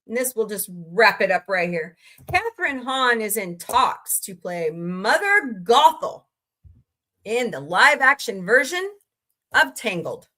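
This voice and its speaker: Bright, chatty woman livestream host. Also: mid-range voice, sing-song, takes it slowly. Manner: chatty, greets viewers by name, ranting. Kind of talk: casual chat with live chat readers.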